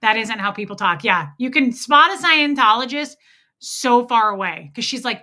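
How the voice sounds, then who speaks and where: Sharp-toned and animated, a woman with a fairly high voice talks at a moderate pace while hosting a casual livestream. Over her home streaming mic she mocks and needles with sarcasm, swears freely, and greets viewers by name.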